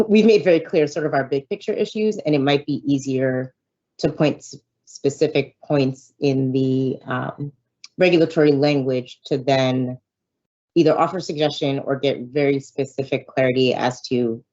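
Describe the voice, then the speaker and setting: A woman negotiator in a virtual meeting who speaks in a measured way, with some fillers. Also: extremely low pitch, fairly even intonation, darkish tone, dull audio. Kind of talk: meeting discussion. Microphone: video call.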